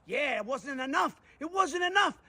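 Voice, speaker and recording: A man in a played clip ranting furiously at a ballplayer, shouting and cursing bitterly. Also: very high-pitched, expressive, normal speed. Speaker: angry sports fan in a clip. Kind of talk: furious rant.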